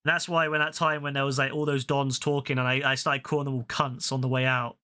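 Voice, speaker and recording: A man's voice: medium pitch, brisk. A man, chatting casually while gaming, ranting animatedly with a lot of swearing. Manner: ranting, profane, animated storytelling. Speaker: gaming video host.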